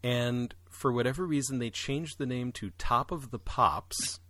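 A man co-hosts a podcast, discussing musicals with casual animation and quick upward pitch leaps for side comments. His tone is sharp, and there's no room sound.

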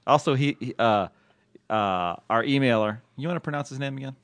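A man's voice: mid-range voice, a little fast, a bit bright. A man co-hosting a podcast, easygoing and riffing with his cohost in casual chat. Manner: easygoing, laughs and riffs with cohost. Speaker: podcast co-host.

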